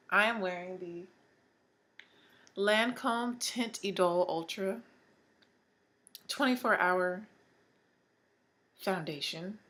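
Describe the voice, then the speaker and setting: A woman's voice: lowish voice, fairly bright tone. A young woman in her twenties, chatting in an upbeat way through a casual makeup tutorial. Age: 20s. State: suffering hiccups. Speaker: beauty vlogger.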